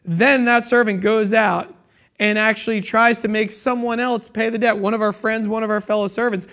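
Gravelly high-voiced man preaching. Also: a bit bright. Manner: retells scripture in his own casual words. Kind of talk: sermon teaching.

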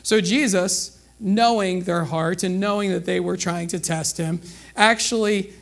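A middle-aged man preaching a sermon in a conversational way, full of rhetorical questions to the listeners. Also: high-pitched. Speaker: pastor.

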